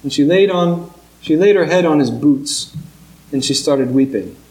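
A man preaching a sermon, telling a story earnestly with slow, emphatic pauses. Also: a little high, darkish tone. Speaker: pastor. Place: church sanctuary. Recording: echoey church room.

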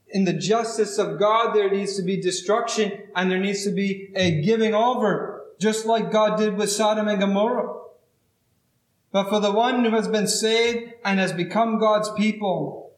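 Male preacher, high voice, earnest and emphatic, echoey room. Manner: earnest, emphatic, slows on key words. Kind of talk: sermon.

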